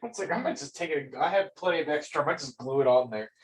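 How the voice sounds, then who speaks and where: Calm game master, heard from afar. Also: medium pitch. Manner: calm, measured scene-setting. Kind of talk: narrating a tabletop game. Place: room at a gaming table. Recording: distant from the mic.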